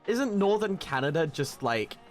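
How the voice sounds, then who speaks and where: A man from the south of England with a southern English accent, chatting casually with his live audience. He stammers into restarts and jumps into high excited squeals. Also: normal speed, soft background music. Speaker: livestreamer. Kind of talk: casual chat reading live comments.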